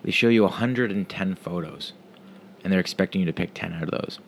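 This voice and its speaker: Low-pitched guy, loose profane delivery, restarts often, faint background hum. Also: fairly quick. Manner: casual, profane, rambling with restarts. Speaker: parent telling a story. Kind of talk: casual storytelling monologue.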